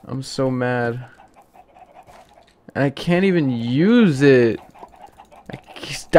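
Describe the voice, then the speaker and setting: A man's voice: mid-range voice, expressive, extremely slow, long pauses, a little mellow. Exasperated man pleading at a game. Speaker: gaming youtuber. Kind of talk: let's play commentary.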